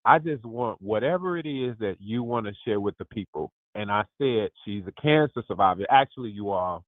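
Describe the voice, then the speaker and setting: A man in his fifties hosting a lively group call, exuberant and emphatic, often calling out to his listeners. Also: lowish voice, normal speed, dry recording. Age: 50s. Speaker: host. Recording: dry tinny phone line.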